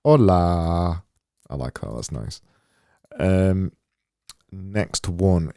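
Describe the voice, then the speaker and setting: A man with a deep, mellow voice rambles through a livestream of his design work. He talks slowly and mutters to himself, often mocking himself. The sound is close and dry. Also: expressive, dry recording. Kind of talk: thinking-aloud livestream commentary.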